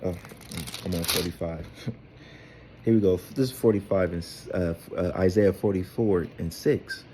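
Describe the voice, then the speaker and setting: Low-voiced guy doing a casual bible lesson, mellow, keeps saying all right, bit of faint hiss behind. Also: a little slow. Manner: tags nearly every phrase with "all right?"; loose, rambling, with filler and repeated words. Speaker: Bible teacher. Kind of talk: informal scripture lesson.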